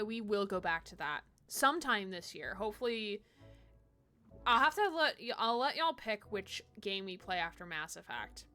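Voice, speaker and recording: A woman's voice: medium pitch, sharp tone. A woman streaming a game, chatting in a playful, giggly way with her viewers. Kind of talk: casual live-stream commentary.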